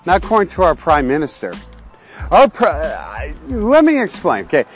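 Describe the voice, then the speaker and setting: A man's voice: a little high, normal speed, faint music behind. A man, a pastor hosting his own show, talking in a casual, jokey, rambling way that keeps going off on tangents. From Canada. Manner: excitable, jokey, goes off on tangents. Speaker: pastor and podcast host.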